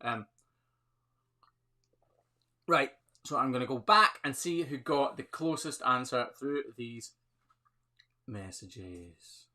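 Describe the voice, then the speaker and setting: A man's voice: mid-range voice, slow, pauses often, pushed and bright. A man with a Scottish accent hosting a casual live Q&A on his phone, chatty and upbeat, laughing often as he reads viewer comments. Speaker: livestream host, hoof trimmer.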